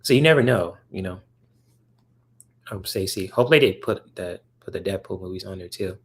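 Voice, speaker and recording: Here a man with a low-pitched, expressive voice talks briskly while hosting a relaxed livestream. He responds to viewer chat in a rambling, filler-laden way, clearly thrilled about comics.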